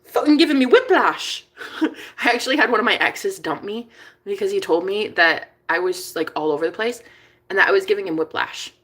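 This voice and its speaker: A woman talking casually to camera in a confessional vlog, chatty and profane, swinging between hushed and excited. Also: mid-range voice, a little fast. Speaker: vlogger and manifestation coach.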